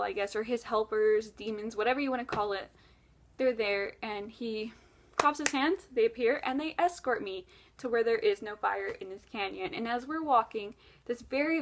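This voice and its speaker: Woman, vlogger, storytelling to camera, chatty, animated, lots of "like", somewhat high voice. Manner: chatty, animated, many "like" fillers.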